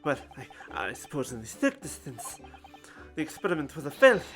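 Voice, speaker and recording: A streamer voicing an eccentric, excitable older male professor in a deliberately clumsy German accent, stammering with excitement. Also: soft background music. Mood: flustered. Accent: put-on German accent, poorly done. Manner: stammering, overexcited, high and loud.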